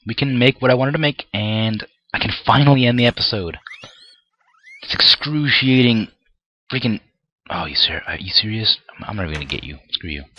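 A young man who makes gameplay videos comments on his own play in a lowish voice at a quick pace, the audio dull. He often gets frustrated and rants at the game, swearing mildly.

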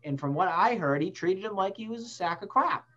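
A man's voice: sits high, lively intonation, brisk, fairly bright tone, lo-fi sound. Blunt, ranting male sports talk host. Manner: blunt and ranting, with frequent swearing. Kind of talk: casual sports debate. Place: small public-access TV studio.

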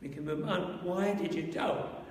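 In an unhurried, fairly high voice with a darkish tone, this pastor preaches conversationally, addressing questions to the congregation. The church sanctuary recording is distant and echoes like a hall.

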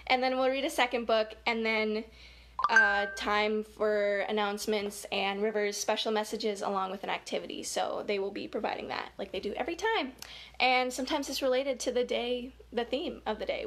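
A woman's voice: mid-range voice, normal speed, a bit bright. A woman leading a virtual children's story time on a webcam, upbeat and giggly as she talks to the kids.

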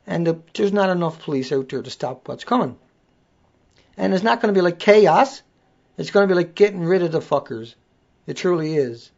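Lively intonation runs through this man's high-pitched, gravelly voice, which has a darkish tone and normal speed. He speaks with an accent while hosting a casual live-stream rant, blunt and swearing freely, in dull lo-fi audio.

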